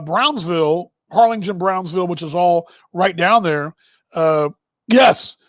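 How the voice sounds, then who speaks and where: Rambling high-voiced man spinning stories. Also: dry recording. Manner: rambling, self-interrupting, chuckling asides. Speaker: broadcast host. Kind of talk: casual storytelling monologue.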